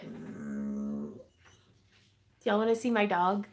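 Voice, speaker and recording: A woman's voice: fairly high pitch, a little slow, creaky, fairly bright tone. A young woman hosting a casual craft livestream, reading viewer comments and chatting with giggles and fillers. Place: home craft room.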